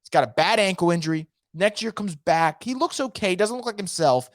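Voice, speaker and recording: A solo sports podcaster with a mid-pitched voice, arguing opinions emphatically and speaking straight to the listener. The sound is dry and close, with no room echo. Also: expressive, brisk. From fan of a New Orleans team.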